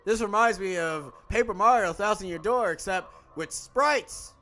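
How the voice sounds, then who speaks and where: A young man doing game commentary, excitable and exasperated, reading along with the scenes. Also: sits high, normal speed, faint music behind. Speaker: video game let's player.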